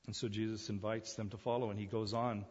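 A man preaching a sermon, telling the story in an animated way, acting out the crowd's voices and laughing often. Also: on the low side, fast, husky, big-room sound, muffled recording.

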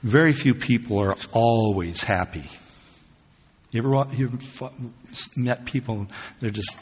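A man's voice: lowish voice, a little slow, slightly rough. A man preaching a sermon, telling everyday stories in a chatty way with laughs and asides. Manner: conversational storytelling with laughs and asides. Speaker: pastor. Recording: long hall reverb.

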